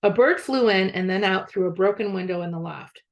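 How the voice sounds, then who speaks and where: A school media specialist reads a chapter book aloud to students. Her voice has a gravelly grain at a middle pitch. She narrates clearly in a storybook manner. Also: fairly quick, lo-fi sound. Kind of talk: reading a novel aloud.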